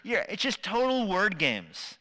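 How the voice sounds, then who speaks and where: Bright-voiced male preacher in a reverberant hall. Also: high-pitched, unhurried. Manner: animated, acts out quoted voices. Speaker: pastor. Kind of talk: sermon. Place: church sanctuary.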